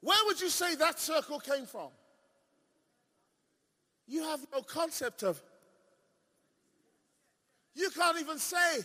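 High-voiced fiery male preacher. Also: lively intonation, slow, long pauses. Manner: emphatic, swings between shouting and hushed asides; playful, asks the crowd questions. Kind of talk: sermon. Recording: long reverb of a large hall.

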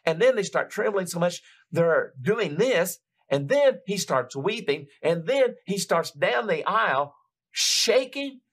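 An older man preaching a sermon, retelling a story in an animated, building way with frequent restarts. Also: high voice, unhurried.

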